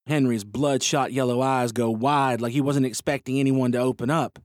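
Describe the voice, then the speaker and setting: A man reads a first-person western story in a steady, expressive voice. His pitch sits in an ordinary middle range. The recording is dry and close-miked. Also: moderate pace, dry recording.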